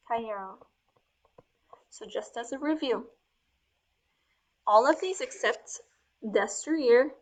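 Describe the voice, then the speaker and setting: A woman with a slightly high voice teaches Spanish verb forms while writing them out. She explains each change slowly, step by step, sometimes dropping to a soft murmur as she writes.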